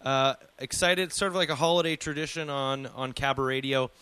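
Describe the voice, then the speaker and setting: A man's voice: medium pitch, normal speed, bright, forceful tone, clear, resonant tone, dry recording. A man hosting a casual radio show, bantering and joking at his own expense. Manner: self-deprecating, jokey.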